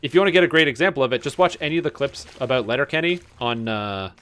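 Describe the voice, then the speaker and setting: A man's voice: medium pitch, fast, a bit bright. A man streaming a game, chatting casually and rambling with many fillers. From Canada. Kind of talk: casual gaming chat.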